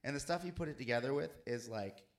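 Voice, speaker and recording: A man co-hosting a casual church chat, an animated and playful storyteller. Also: mid-range voice, fast talker. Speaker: co-host.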